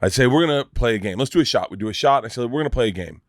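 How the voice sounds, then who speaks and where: A man's voice: mid-range voice, lively intonation, very fast, no room sound. A comedian telling a rowdy, profane story in casual conversation. He laughs often and acts out the people in his tale. His voice sits in the middle range and is recorded close and dry. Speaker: comedian guest. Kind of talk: animated storytelling in casual chat.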